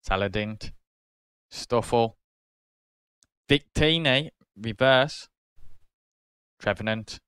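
Unhurried British man calling out cards. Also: medium pitch, smooth, no echo, studio quality. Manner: reads out card names, gets loudly excited over good pulls. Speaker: card-opening channel host. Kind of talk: casual card-opening commentary.

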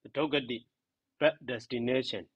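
A man teaching a grammar lesson, repeating each term slowly and giving its meaning. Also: mid-range voice, steady tone, husky, dry recording. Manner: slow, repeats terms and glosses them.

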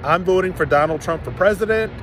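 A man's voice: high-pitched, brisk, over music. A man making a firm, defiant political statement to camera.

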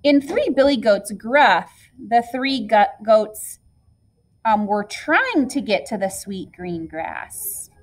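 A woman teacher reads a storybook aloud to her class and talks it through with them afterwards. Her voice sits a little high, and her reading is clear and expressive. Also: takes it slowly, low-quality recording.

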